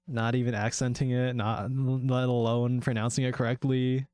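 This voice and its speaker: A chatty man talking to his stream while he builds a game, wandering off on tangents with plenty of swearing and laughter. His voice sits at an ordinary middle pitch. It is recorded close and dry, with no room sound around it. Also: level tone, moderate pace, few pauses, darkish tone, smooth, no room sound. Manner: rambling and chatty, swears freely, laughs often. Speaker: VTuber game developer streamer. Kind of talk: casual live-stream chat.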